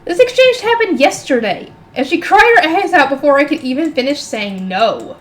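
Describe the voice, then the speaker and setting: A woman with a high, sing-song voice reads a novel aloud at normal speed for her channel. She keeps breaking off for chatty, exasperated asides, mixing the reading with casual commentary.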